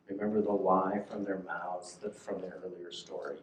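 A man's voice: low-pitched, little pitch movement, moderate pace, a little hiss or hum. A male pastor giving a conversational sermon, reading and explaining scripture and checking in with listeners. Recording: echoey room.

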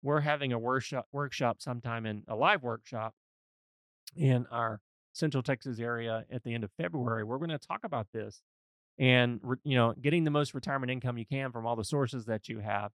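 A man's voice: mid-range voice, a little fast, a bit bright, smooth, dry recording, clean studio sound. A man hosting a podcast as a financial advisor, talking in a folksy, earnest and emphatic way. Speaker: financial advisor and show host. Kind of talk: conversational podcast discussion.

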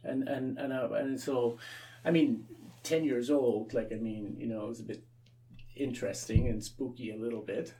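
Gravelly-voiced priest telling a story. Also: male voice, mid-range voice, fairly even intonation, moderate pace, warm tone, far from the mic, slight background noise. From Canada. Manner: repeats words and restarts often, acts out quoted voices. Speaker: Anglican priest, interview guest. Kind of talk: storytelling in a conversational interview.

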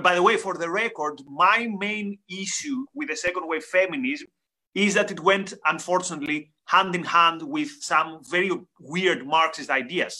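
A man's voice: high voice, sharp tone. A man co-hosting a casual philosophical discussion, making his points emphatically and repeating words as he builds them. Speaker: co-host.

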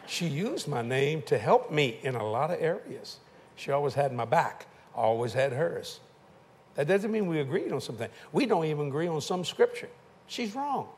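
Telling stories and cracking jokes, an older man gives a folksy sermon with a southern-tinged church style. His voice is a little high and darkish, with big pitch swings, at a normal speed.

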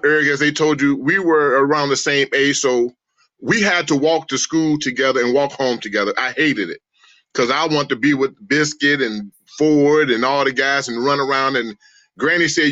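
A middle-aged man from St. Louis telling animated family stories in a casual roundtable, acting out voices as he goes. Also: no room sound. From St. Louis, USA. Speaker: roundtable participant. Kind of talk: casual storytelling among family. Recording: dull low-fidelity dry sound.

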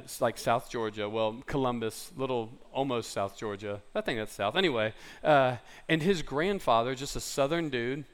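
A male pastor preaching a sermon in a relaxed, conversational storytelling way, with fillers and restarts. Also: mid-range voice, clear, resonant tone.

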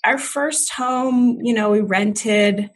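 A woman comedian born in Jamaica and raised in Maryland, telling stories in a playful, quick-witted way as a podcast guest. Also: fairly high pitch. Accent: none, American. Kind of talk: casual interview.

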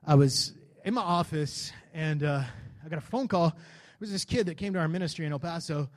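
Pastor telling a story from the pulpit. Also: male voice, fairly high pitch, fairly quick. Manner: conversational, building to fervent preaching. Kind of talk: sermon with personal storytelling.

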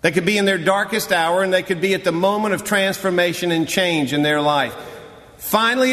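A man preaching a sermon as a pastor, dramatic and emphatic, dropping to hushed tones and rising to loud cries. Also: high-pitched, in a large hall.

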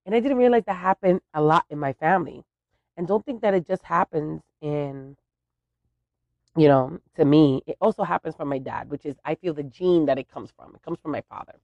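A woman hosting a podcast tells a funny story about her family in a chatty, animated way, laughing at her own tale. Her voice is low-pitched, brisk and creaky, in a dry recording with the highs cut off.

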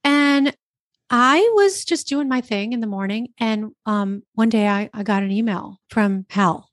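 Woman from New Jersey, podcast guest; chatty, animated storyteller, dry close mic. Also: a little high, a little slow, dry recording. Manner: chatty, animated, lots of quoted self-talk. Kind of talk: casual interview storytelling. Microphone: podcast microphone.

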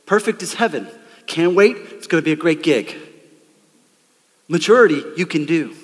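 A man preaching a lively, conversational sermon from a church stage, calling out to the congregation. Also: on the high side, normal speed, in a large hall. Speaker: pastor. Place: church sanctuary.

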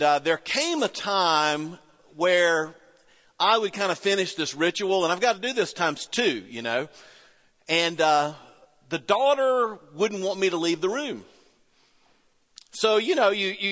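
A middle-aged man preaching a sermon, telling a story with pauses and soft quoted voices. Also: a little high. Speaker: pastor. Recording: reverberant church hall.

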